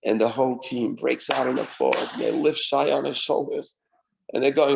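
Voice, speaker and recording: A man, a rabbi, telling a story in a synagogue class in an animated way, acting out the voices he quotes and sometimes shouting their cheers. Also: mid-range voice, a little fast, creaky, poor audio. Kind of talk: sermon storytelling.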